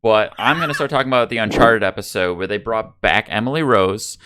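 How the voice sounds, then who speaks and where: A man's voice: fairly low pitch, a little fast, sharp tone, clean tone. A man hosting a podcast over a video call, upbeat and steering the conversation. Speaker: podcast host. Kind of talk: casual podcast chat.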